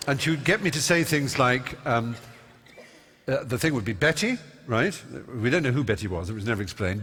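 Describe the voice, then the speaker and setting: Brief: man, stage guest, witty self-mocking storyteller, mid pitch, hall echo. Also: animated, a little fast, a bit bright, slight background noise. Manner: eloquent, self-mocking, with many fillers. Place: large concert hall stage. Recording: long reverb of a large hall.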